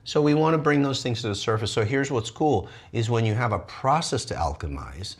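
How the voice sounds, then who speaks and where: A man teaching energy arts in an animated, lively way, often jumping into high playful voices for the people he quotes. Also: brisk, husky. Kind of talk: animated wellness talk.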